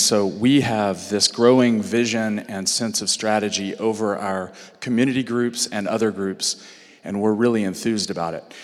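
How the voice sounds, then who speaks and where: A hoarse man, a pastor, making friendly, chatty announcements to his congregation before the sermon. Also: lowish voice, big-room sound. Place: church sanctuary.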